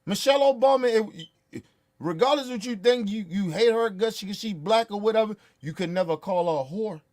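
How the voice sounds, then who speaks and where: A man's voice: high voice, fairly quick, a little mellow. A man ranting in profane, heated commentary, blunt and repetitive. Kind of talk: profane political rant.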